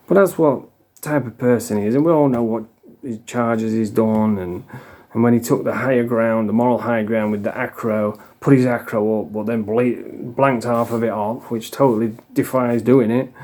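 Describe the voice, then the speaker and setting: A man's voice: mid-range voice, dark tone. A middle-aged man with a Yorkshire accent, ranting bluntly and swearing freely in a monologue vlog. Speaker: vlogger.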